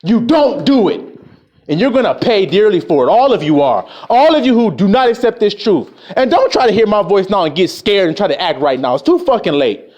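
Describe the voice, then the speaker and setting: A man's voice: high-pitched, very animated, brisk, darkish tone, lo-fi sound. A man delivering an angry, profane street sermon, scolding his listeners and mocking the voices of people he quotes. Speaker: preacher.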